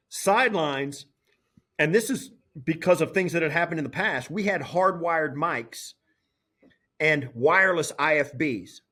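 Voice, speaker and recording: A middle-aged man, a former player turned broadcaster, telling a story as an interview guest in an animated way, with frequent restarts. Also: on the high side, breathy edge. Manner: animated, lively, full of restarts. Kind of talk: casual storytelling.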